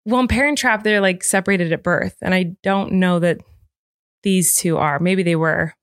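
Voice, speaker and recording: A woman's voice: lowish voice, moderate pace, dry recording, clean studio sound. A woman co-hosting a podcast in casual chat, gushing and playfully exaggerating. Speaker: podcast co-host.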